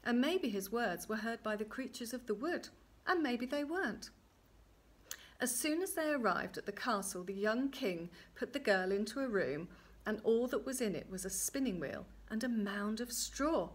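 A woman storyteller reading a traditional fairy tale aloud in a gently expressive way. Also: a little high, moderate pace.

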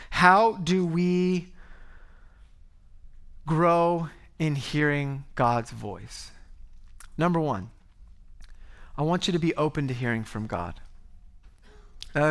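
A male pastor preaching a sermon to a congregation at a church service, in a conversational, animated way, often breaking off and restarting. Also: on the high side. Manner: conversational, animated, self-interrupting.

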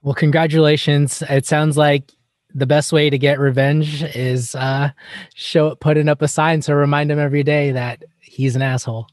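A man's voice: on the high side, level tone, moderate pace. A man hosting a podcast, making dry remarks in a casual interview. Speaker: podcast host.

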